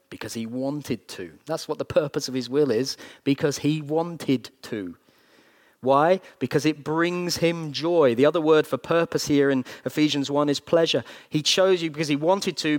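A man preaching a sermon, earnest, leaning on slow emphatic phrases with sudden bursts of energy. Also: medium pitch. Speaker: pastor.

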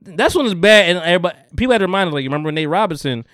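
Animated, lively-voiced man chatting. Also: sits high, rapid-fire, no echo, clean studio sound. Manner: animated storyteller, laughs often, repeats phrases. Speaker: podcast co-host. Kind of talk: casual chat.

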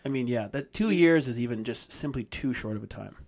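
A man in casual chat, trading quick reactions and jokes. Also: mid-range voice, expressive, gravelly, a little mellow. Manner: quick reactions and joking asides.

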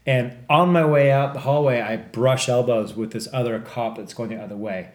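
A man telling a story from his life in casual podcast chat, rambling and swearing, with excited bursts at the tense parts. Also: medium pitch, normal speed. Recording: echoey room with faint background noise.

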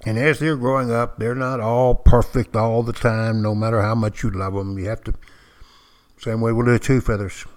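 Folksy older ex-Marine storyteller. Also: male voice, mid-range voice, steady tone. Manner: folksy, dramatic pauses, addresses listeners directly. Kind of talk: spoken storytelling to listeners.

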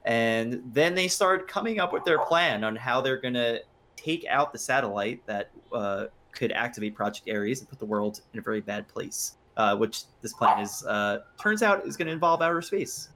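A male co-host chats easily and upbeat on a podcast. His voice sits at an ordinary middle pitch. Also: animated, normal speed, background noise. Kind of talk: casual chat.

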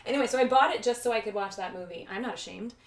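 A woman's voice: a little high, very fast. Sarcastic chicago woman on a podcast, mumbles a lot, echoey room. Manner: blunt, sarcastic, trails off into mumbles. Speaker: podcast co-host. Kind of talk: casual chat.

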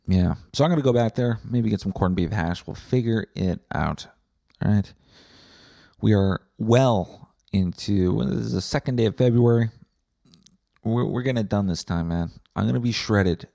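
Male podcast host, low dark voice, swearing rant. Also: normal speed, creaky, dry recording, studio quality. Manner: profane, combative ranting. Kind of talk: comedic rant monologue.

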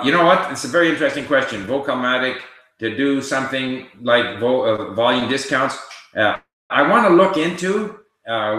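Older male host answering viewer questions live; forceful, bright tone. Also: mid-range voice. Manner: reads viewer questions aloud and answers conversationally. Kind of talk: casual livestream Q&A. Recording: very echoey room.

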